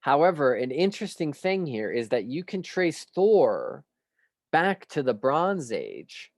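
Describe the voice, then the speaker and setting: A man giving an unscripted spiritual studies lecture, measured and musing, pausing often and posing rhetorical questions. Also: fairly high pitch, big pitch swings, no echo, studio quality. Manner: clears his throat now and then.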